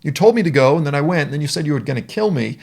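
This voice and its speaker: A man's voice: a little high, animated, rapid-fire, creaky, a little mellow, voice pushed up. A man voicing an exasperated ancient prophet who protests in an indignant, raised voice.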